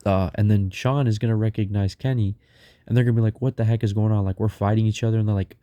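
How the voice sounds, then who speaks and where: Young guy rambling through a story, super dark mellow voice, dry close sound. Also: fairly low pitch, fairly even intonation, fast, no echo, highs cut off. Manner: rambling, heavy on fillers. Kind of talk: casual storytelling.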